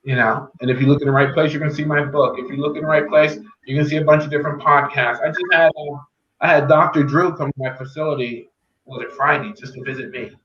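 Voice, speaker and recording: A man's voice: fairly high pitch, fairly even intonation, fast talker, fairly bright tone. Man, podcast guest, earnest faith testimony, repeats himself for weight; echoey, dull remote audio with faint hiss. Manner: earnest, faith-filled, repeats key phrases. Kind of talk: personal testimony.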